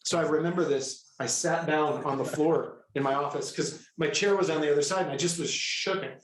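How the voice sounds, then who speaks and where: Middle-aged man, higher-pitched voice, animated storyteller, echoey room. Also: brisk, slight background noise. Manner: animated, excitable, jumps into quoted dialogue. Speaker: guest, healer. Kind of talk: storytelling in a conversational interview.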